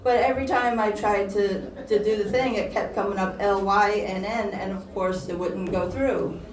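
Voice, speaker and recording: A woman's voice: mid-range voice, steady tone, a crowd in the background. Giggly woman doing stand-up from afar. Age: young adult. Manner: halting, giggly delivery with frequent laughs. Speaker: stand-up comedian. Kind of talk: stand-up comedy set at an open mic. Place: small shop hosting a comedy night. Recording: roomy, distant mic with faint background noise.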